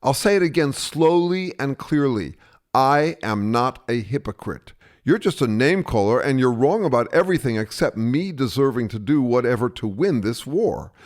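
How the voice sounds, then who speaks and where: A man's voice: mid-range voice, a little mellow, lightly acted. A man playing a hypocritical, self-righteous bully in a satirical sketch dialogue, talking in a blustering, dismissive way.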